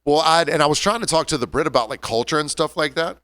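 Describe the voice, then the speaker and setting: A man's voice: a little high, fast, a bit bright, no echo, studio quality. A man co-hosting a podcast, telling rambling anecdotes in casual banter. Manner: rambling anecdotal storyteller with restarts. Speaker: podcast co-host, bartender.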